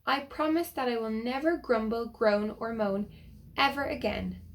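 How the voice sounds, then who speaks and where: A woman's voice: a little high, moderate pace, slight background noise, natural voice. A woman reading as grumpy old grumbler. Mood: pleading. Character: grumpy complaining man, always moaning.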